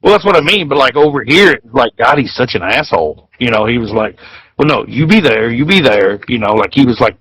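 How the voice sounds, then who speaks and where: A man's voice: mid-range voice, animated, brisk, fairly bright tone, husky, dry recording, rough recording. A man, co-hosting a podcast in loose casual chat full of fillers. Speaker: podcast co-host. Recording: dry close sound.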